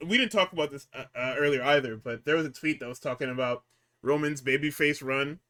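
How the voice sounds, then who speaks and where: Animated, bright-voiced man talking wrestling. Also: fairly quick. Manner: animated, profane, acts out quotes with big pitch jumps. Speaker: podcast co-host. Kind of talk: casual wrestling chat.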